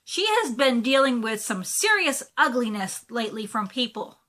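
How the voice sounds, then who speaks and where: A chatty woman talks in a casual show-and-tell style, gushing over each item with plenty of fillers. Her voice sits a little high and sounds bright and forward. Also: sing-song, normal speed. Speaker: cross-stitch vlogger.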